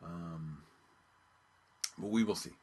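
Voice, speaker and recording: A man hosting his own podcast, talking casually and haltingly with many ums and restarts. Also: sits low, darkish tone, slightly rough. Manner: rambling, hesitant, many ums and repeated words. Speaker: podcast host. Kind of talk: casual solo radio-show talk.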